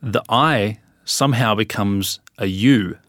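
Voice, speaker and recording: An Australian man in a relaxed interview, laughing often and explaining with spoken examples. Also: on the low side, takes it slowly, dry recording, clean studio sound. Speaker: guest. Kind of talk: casual interview chat.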